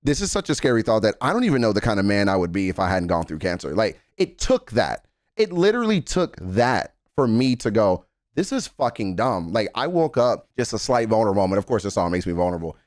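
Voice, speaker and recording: Low-ish guy in his 30s doing a song reaction, earnest and sweary, dry close sound. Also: sing-song, fast talker, no echo. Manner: earnest, emphatic, heavy swearing. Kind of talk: emotional reaction commentary.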